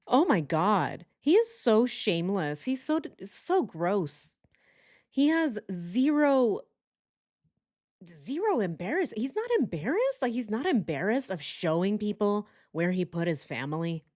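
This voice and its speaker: A woman's voice: mid-range voice, big pitch swings, measured pace, darkish tone. A woman giving casual true crime reaction commentary, indignant and exclamatory, with mocking impressions.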